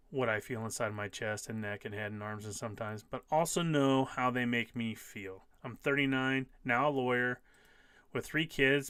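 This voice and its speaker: His mid-range voice is smooth yet sharp in tone, recorded without room sound. The speaker, a man in his fifties, hosts a laid-back live stream where he reads comments from viewers and replies emphatically, echoing key phrases again and again.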